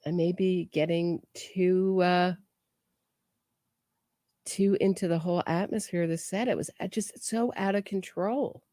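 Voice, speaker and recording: A woman's voice: lowish voice, steady tone, unhurried, mellow, no room sound. A woman commentating on trial footage in a chatty way, often restarting and trailing off mid-thought. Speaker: true crime commentator.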